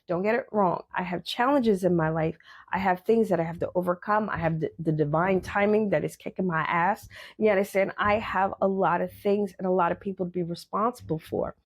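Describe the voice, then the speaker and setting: A woman hosting a podcast, giving a blunt, emphatic motivational monologue, repeating her points and swearing casually. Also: lowish voice. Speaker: podcast host.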